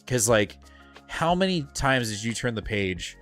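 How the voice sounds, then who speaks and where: A man co-hosting a live comic book show, talking in a rambling, excitable way with lots of filler words and casual swearing. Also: medium pitch, measured pace, soft background music. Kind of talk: casual live-stream chat.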